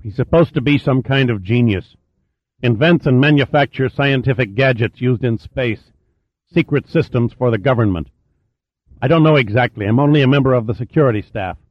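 A man's voice: mid-range voice, normal speed, no room sound, close to an everyday voice. A tense male security guard, as a narrator puts him on answers in a guarded, strained voice. The audiobook recording is dry and a bit muffled.

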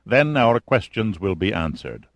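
A man's voice: fairly low pitch, big pitch swings, a little slow, no room sound. A man voicing a cold, irritable military general in an audiobook reading. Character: cold, menacing middle-aged male general.

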